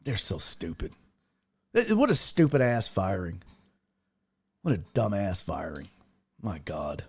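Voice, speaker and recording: A man's voice: sits low, huge pitch swings, measured pace, gravelly, breathy edge. A man hosting a live-streamed sports talk show, ranting with lots of profanity and answering viewer chat.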